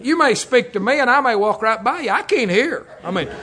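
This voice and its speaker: A man's voice: very high-pitched, lively intonation, a little fast, sharp tone. An older man preaching a folksy, joking sermon, telling stories and chuckling often. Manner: jokey, storytelling, chuckles often.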